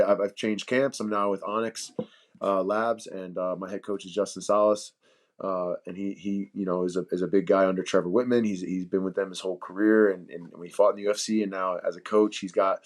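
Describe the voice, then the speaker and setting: Laid-back young man on a video call. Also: low-pitched. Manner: laid-back, laughs often, slangy. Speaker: UFC welterweight fighter. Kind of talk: casual interview chat.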